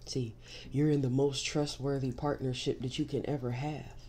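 A woman's voice: a bass voice, fairly even intonation, moderate pace, mellow, a little hiss or hum. A woman doing a spiritual tarot reading, speaking straight to the listener in an emphatic, reassuring way and often starting points with "see.". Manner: emphatic, repeats "see" to drive points home; reassuring, direct address to the listener. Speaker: tarot reader.

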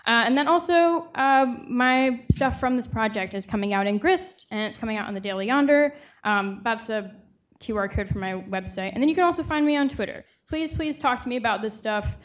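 A woman's voice: on the high side, animated, fairly quick. Young woman presenter, earnest and reflective, speaks with many fillers. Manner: earnest, thoughtful, frequent "um" and "uh" fillers. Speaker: student reporting fellow presenting her project. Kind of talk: conference presentation.

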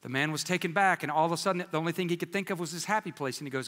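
A man preaching a sermon in a large church, telling jokes and stories in a folksy, animated way. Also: a little high, racing. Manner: joking storyteller, folksy and animated. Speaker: pastor. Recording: reverberant church hall.

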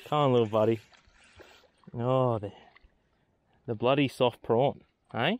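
A man's voice: mid-range voice, a little slow, long pauses, no echo. An Australian man on a boat outdoors, giving casual, chatty commentary as he fishes and talks to the fish he catches. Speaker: fishing vlogger.

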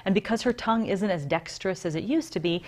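A woman's voice: medium pitch, quick pace, darkish tone. A woman voice coach giving detailed, explanatory answers in an interview.

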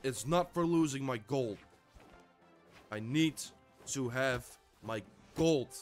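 Young guy cursing at his game, slow talk but voice jumps all over, mutters to himself. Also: a little high, fairly bright tone. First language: Dutch. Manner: frustrated, swears constantly. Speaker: gamer. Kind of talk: live gameplay commentary.

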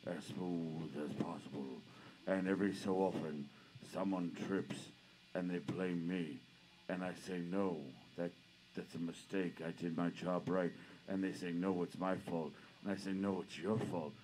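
A man's voice: sits low, fairly even intonation, a little slow, background noise. A man playing an unstable support group member with violent urges in a comedy sketch, hesitant and repetitive. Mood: earnest.

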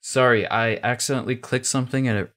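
A man's voice: medium pitch, fairly even intonation, fast, a bit bright. A man giving casual reaction commentary on a rap song, chatting and breaking down the rhymes and wordplay. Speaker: music reaction streamer.

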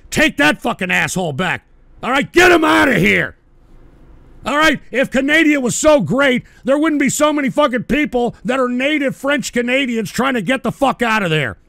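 A man hosting a call-in stream, ranting angrily and profanely, shouting in bursts. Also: very high-pitched, vocal fry, no echo. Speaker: radio show host.

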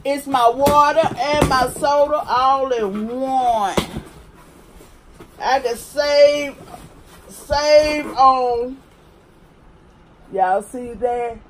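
A woman hosting her own vlog, talking viewers through a casual unboxing review and chatting to them constantly. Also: a little high. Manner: chatty, keeps addressing viewers as y'all. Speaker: vlog host.

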